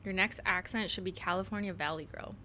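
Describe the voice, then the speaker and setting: A woman's voice: on the low side, fairly even intonation, fast, noisy background. A young woman streaming a game live, chatty and giggly, swearing freely and slipping into joke voices. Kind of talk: casual live gameplay commentary.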